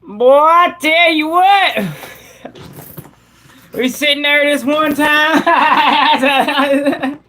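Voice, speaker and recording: A rowdy old country man, as a streamer puts him on, drawls out a yarn slow and heavy. The voice sits high and carries loud, and it breaks into chuckles between phrases. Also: a little hiss or hum, exaggerated voice. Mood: boastful.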